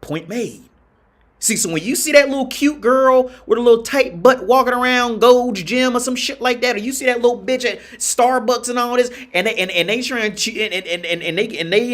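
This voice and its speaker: High-voiced man ranting on a livestream. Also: fairly quick, fairly bright tone. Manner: emphatic, profane, repeats phrases. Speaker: livestream host.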